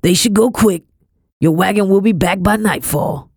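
Woman playing a cold slave owner, curt orders, gravelly, dry sound. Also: mid-range voice, moderate pace, no room sound, pitched above the performer's own voice. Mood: cold, commanding. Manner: curt, commanding, contemptuous. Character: harsh grown man, a slave owner.

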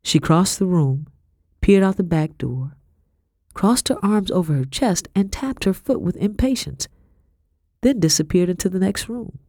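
A woman narrating a historical novel in first person, in a measured storytelling manner. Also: fairly low pitch, lively intonation, warm tone, dry recording, studio quality. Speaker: audiobook narrator.

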